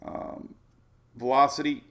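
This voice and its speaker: A man's voice: mid-range voice, steady tone, slow pace, fairly bright tone. A man hosting a casual weather livestream, walking through maps and rambling off topic in a chatty way. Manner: talks over weather maps on screen. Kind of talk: casual tropical weather briefing.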